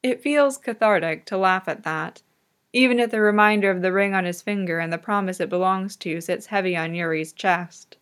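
A woman reads a fan audiobook in a calm, measured narration. Her voice sits at a middle pitch for a woman. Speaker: reader.

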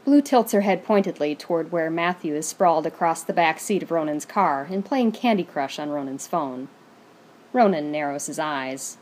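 A woman reading fan fiction aloud in a steady, even storytelling manner. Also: low-pitched, normal speed, a little hiss or hum.

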